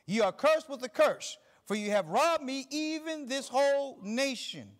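A middle-aged male pastor preaching a sermon, reading scripture slowly and building emphasis through repetition. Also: very high-pitched, animated.

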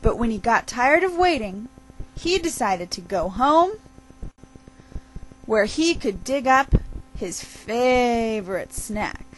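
A woman telling a picture-book story aloud with expressive, drawn-out emphasis. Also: fairly high pitch, a little hiss or hum, low-quality recording.

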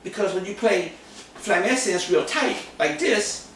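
A man's voice: high voice, lively intonation, a little slow, heavy background noise. A man giving a goofy, casual drum lesson, joking and repeating himself in mock-boastful bursts. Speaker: drum teacher. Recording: very echoey room, camera mic from a distance.

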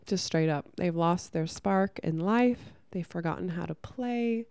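A woman's voice: on the low side, measured pace, darkish tone, clean tone, no room sound. A woman speaking to camera in a candid personal monologue, earnest and rambling, full of fillers. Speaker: spiritual content creator.

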